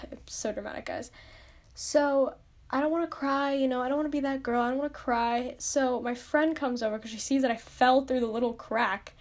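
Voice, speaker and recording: Young female podcast host, chatty storyteller, pitched a bit high, heavy on "like". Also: steady tone, brisk. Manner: chatty, lots of "like", self-mocking. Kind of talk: casual storytelling monologue.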